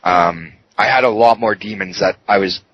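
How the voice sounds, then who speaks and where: A man's voice: fairly low pitch, normal speed, slightly rough. A man, a podcast guest, telling his story in a raw, emotional way, swearing often and full of fillers. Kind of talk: candid personal interview. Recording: muffled podcast audio with faint noise.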